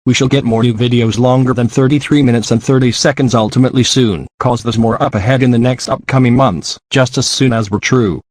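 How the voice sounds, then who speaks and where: A man's voice: mid-range voice, fairly quick, few pauses, no room sound, close to an everyday voice. A male text-to-speech voice as a boastful cartoon man. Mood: proud. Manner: even, monotone computer reading.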